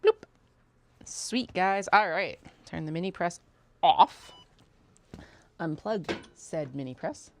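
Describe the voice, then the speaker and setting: A woman with a low voice chats her way through a sewing session, narrating each step to herself and her viewers. Her tone is a touch gravelly, loose and casual, with offhand muttering and the occasional swear. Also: expressive, takes it slowly. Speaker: sewing livestream host. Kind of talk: casual chat while sewing.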